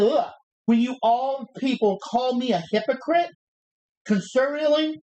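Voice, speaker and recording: A brash male pro wrestler cutting a taunting promo, cocky and full of challenge, as a woman re-enacts him on a livestream, the words stumbling out as they are recited. The voice sits a little high for the part and drops lower to sound tough. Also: darkish tone, poor audio.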